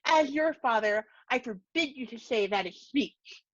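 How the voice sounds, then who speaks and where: A woman's voice: on the high side, animated, unhurried, a bit bright, no room sound, muffled recording. A woman doing a furious immigrant father. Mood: yelling. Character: angry Dominican immigrant father, stern, in broken English.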